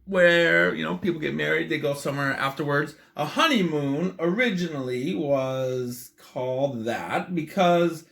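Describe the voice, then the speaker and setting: This vlogger is a man with a high-pitched, creaky voice and a fairly bright tone. He chats casually and enthusiastically as he tastes a drink, rambling and using plenty of fillers.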